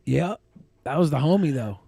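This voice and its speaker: A man's voice: a little high, expressive, moderate pace, vocal fry, mellow, slightly rough, no room sound. Man, podcast co-host, casual crude banter, mocking, dry close recording.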